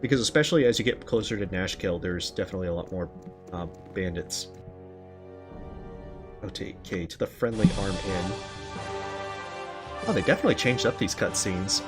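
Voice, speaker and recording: A man giving casual gameplay commentary, relaxed and rambling, with frequent fillers. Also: deep voice, moderate pace, pauses often, music in the background. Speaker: gaming channel host.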